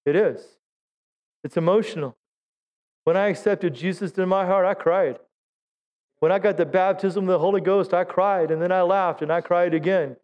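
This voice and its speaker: A middle-aged man leads a Pentecostal sermon in a church, pitching his voice high as he urges the congregation to answer him. He breaks up the exhortation with jokes at his own expense. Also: fairly even intonation, moderate pace, pauses often, darkish tone, dull audio. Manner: exhorting, calls for audience response; self-deprecating humor. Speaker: pastor. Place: church sanctuary.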